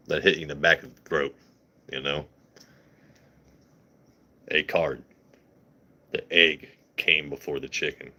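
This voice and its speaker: A man's voice: very deep voice, bright, forceful tone. A man hosting a livestream in casual chat, crude and rambling with jokes and swearing. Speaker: livestream host.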